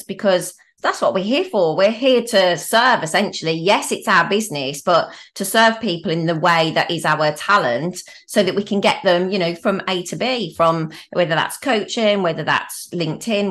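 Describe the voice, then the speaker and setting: A woman's voice: lowish voice, moderate pace, few pauses, a bit bright. A woman hosting a podcast interview, chatting casually and enthusiastically affirming her guest. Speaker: podcast host.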